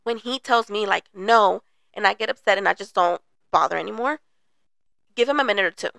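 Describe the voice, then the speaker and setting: A woman's voice: mid-range voice, quick pace, creaky, a bit bright, no room sound. A woman in her thirties co-hosting a podcast, talking earnestly and reflectively in casual chat. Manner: earnest, reflective, acts out apologies. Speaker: podcast co-host.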